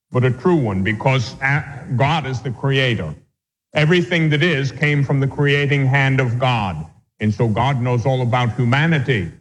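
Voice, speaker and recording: A man, a Catholic priest, giving a measured, patient catechism lecture with anecdotes. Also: mid-range voice, long reverb tail, poor audio.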